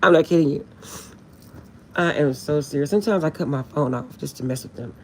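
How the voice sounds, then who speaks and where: A woman's voice: sits low, animated, fairly quick, a little hiss or hum. A woman chatting casually on a late-night live stream, laughing often and insisting she is serious.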